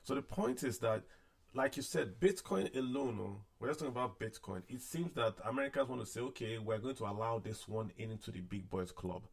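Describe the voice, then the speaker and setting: A man's voice: mid-range voice, a little fast. A man hosting a casual finance discussion with callers, talking in a conversational way and repeating points to stress them. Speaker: podcast host. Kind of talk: casual discussion on a call-in show.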